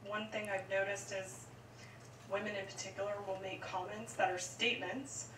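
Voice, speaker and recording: A woman's voice: mid-range voice, level tone, normal speed. Woman asking questions, far and echoey. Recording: distant mic in echoey room with noise.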